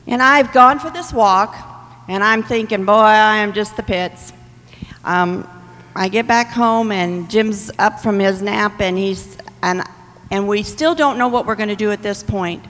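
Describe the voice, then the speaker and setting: A woman's voice: medium pitch, a little slow, a bit bright, in a large hall, low-quality recording. A middle-aged woman telling her personal testimony to a congregation in a candid, conversational way. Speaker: church member giving testimony.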